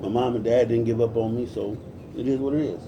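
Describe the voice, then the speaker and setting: A man's voice: medium pitch, steady tone, a little fast, distant mic, noisy background. A man in his forties from Compton, California, ranting in a casual livestream, cursing freely and greeting viewers by name as he preaches. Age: 40s. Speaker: livestream host.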